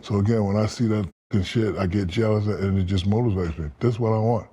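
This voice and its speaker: Profane low-voiced man telling animated stories. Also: fast, husky. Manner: animated storyteller, profane, acts out quotes. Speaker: podcast guest. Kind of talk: storytelling in casual interview.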